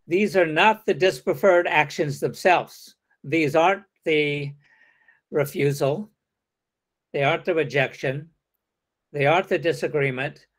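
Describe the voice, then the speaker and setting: A man leading an interactive teacher-training lecture, calling on participants and acting out hesitant replies. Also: a little high. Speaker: workshop lecturer.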